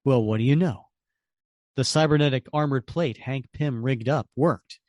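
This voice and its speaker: A man co-hosting a podcast, recapping a comic and chatting casually, animated and often hedging. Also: medium pitch, moderate pace, no echo. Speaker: podcast co-host.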